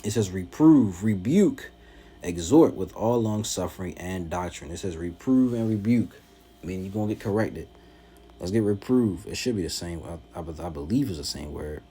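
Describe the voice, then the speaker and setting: A very deep male voice with a dark, mellow tone, teaching scripture from his home. He presses his points hard and mimics his critics with scorn. A faint hum of noise sits under the recording. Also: brisk. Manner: emphatic, mocking rebuttals. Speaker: preacher.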